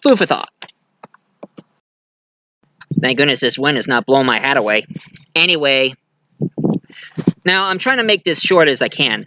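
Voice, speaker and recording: A man's voice: mid-range voice, expressive, normal speed, long pauses, sharp tone, slight background noise. A man giving a casual movie review, retelling the plot in a rambling way with fillers and restarts.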